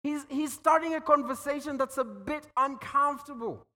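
A man's voice: extremely high pitch, moderate pace, sharp tone. A man preaching a sermon, telling stories and acting out quoted voices, often repeating words as he goes. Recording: long hall reverb.

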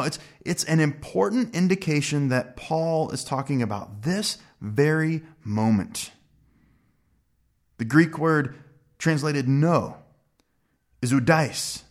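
A man preaching a sermon in an earnest, emphatic way, slowing down to stress key words. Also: medium pitch. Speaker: pastor.

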